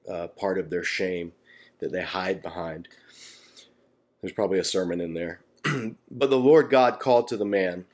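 Low-voiced man teaching scripture casually. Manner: casual and animated, acting out quoted voices. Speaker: Bible teacher.

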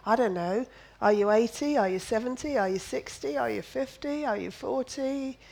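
A woman's voice: fairly high pitch, moderate pace, vocal fry, a little mellow, rough recording. A woman preaching a sermon, emphatic and repetitive, firing off rhetorical questions and slipping in playful jokes. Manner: drops in playful asides and jokes.

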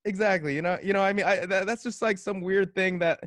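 A man's voice: high voice, a little fast, no room sound. An American man co-hosting a casual podcast, chatting animatedly with lots of swearing and laughter. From United States. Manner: animated, profane, laughing a lot. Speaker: co-host.

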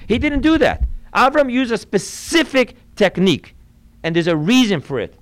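A man's voice: sits high, sing-song, normal speed, no echo, low-quality recording. A man teaching a Torah class as a rabbi, explaining earnestly and weaving in Hebrew and Yiddish quotations.

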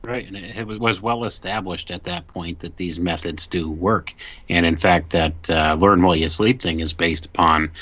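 A man's voice: low voice, fairly even intonation, normal speed, a bit bright. A man in a live stream discussion, explaining in a matter-of-fact way. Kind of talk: casual discussion. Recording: dull lo-fi stream audio.

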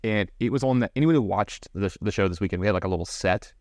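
In this studio-quality clip with no echo, a podcast co-host recounts a story during a casual conversation. His pitch is fairly low, and he talks quickly and animatedly, stumbling through plenty of fillers and restarts.

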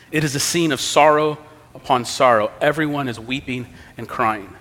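A man's voice: a little high, fairly bright tone. A man preaching a sermon as pastor, earnest and emphatic, his volume rising and dropping for effect. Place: church sanctuary. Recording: long reverb of a church hall.

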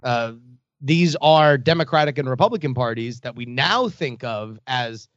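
A man's voice: medium pitch, normal speed, a bit bright, dry recording, highs cut off. A man co-hosting a call-in radio show, explaining political history at length with many restarts. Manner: explanatory, lots of fillers and restarts. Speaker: radio co-host.

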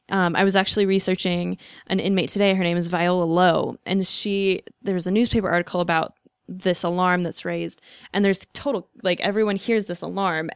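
A woman's voice: lowish voice, clear, resonant tone, no echo, studio quality. A woman hosting a podcast, telling a story in a casual, chatty way with frequent fillers. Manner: chatty, with frequent likes and ums. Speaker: podcast host.

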